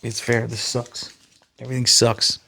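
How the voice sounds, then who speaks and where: A man's voice: mid-range voice, level tone, moderate pace, gravelly, pushed and bright. A man hosting a casual livestream, chatting with viewers in a sarcastic, profane way. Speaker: livestream host.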